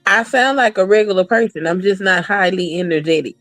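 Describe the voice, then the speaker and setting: A woman's voice: medium pitch, a little fast, no echo, faint music behind, low-quality recording. Woman on a podcast going off, cussing, telling stories all fired up, dry close sound. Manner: blunt and profane, animated storytelling. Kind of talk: casual podcast chat.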